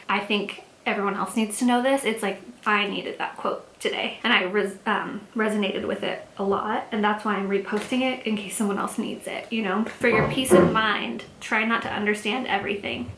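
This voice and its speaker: A young woman talks her way through a casual makeup vlog, reflective and chatty, with fillers all the way through. Her voice sits a little high. The room is echoey, with faint noise underneath. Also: fairly bright tone. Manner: chatty, reflective, many "like" and "you know" fillers. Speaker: makeup vlogger. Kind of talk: casual chat while doing makeup.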